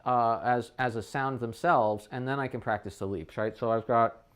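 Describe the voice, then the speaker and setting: A trumpet teacher talking a student through his practice session, thinking aloud and often checking in with a quick "right?". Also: mid-range voice, fairly even intonation, a bit bright, smooth. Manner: thinks aloud with frequent restarts. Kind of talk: casual practice demonstration.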